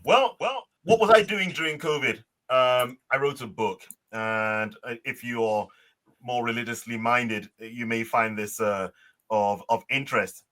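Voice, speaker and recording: Bright-voiced male doctor guest. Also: medium pitch, a little slow. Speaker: guest physician. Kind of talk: casual interview chat.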